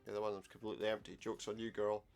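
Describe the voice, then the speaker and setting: Gravelly low-voiced man playing a game. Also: flat delivery, very fast, faint music behind. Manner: wry, sarcastic asides. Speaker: let's play gamer. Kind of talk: casual game commentary, reading game dialogue aloud.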